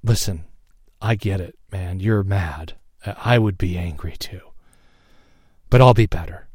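A wheedling red dragon from a spoken story begs to stay with its host, as a man puts it on in a low, slow, casual voice. It bargains in plain, everyday speech, and the sound is dry and close. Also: a little mellow, breathy edge, no room sound. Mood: coaxing.

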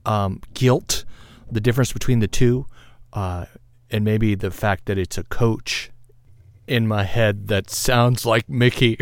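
A man's voice: lowish voice, fairly even intonation, slow, no room sound, clean studio sound. A man hosting a podcast in a casual, rambling, self-deprecating monologue, often laughing at himself. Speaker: podcast host.

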